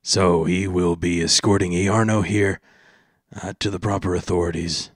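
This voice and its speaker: A man voicing a weary, polite male knight officer who talks in a measured, dry way. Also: low-pitched, steady tone, dry recording.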